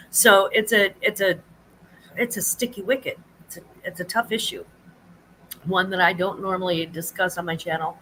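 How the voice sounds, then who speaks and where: Woman, livestream host, casual chat, rambling, bright voice, faint background hiss. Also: poor audio. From United States. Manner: chatty, rambling, greets viewers in a high sing-song. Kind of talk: casual live chat with viewers.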